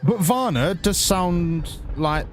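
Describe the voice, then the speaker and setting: A man's voice: mid-range voice, lively intonation, normal speed, music in the background. A man giving rambling, crude, jokey commentary while streaming a game. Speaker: gaming streamer. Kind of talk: casual gameplay commentary.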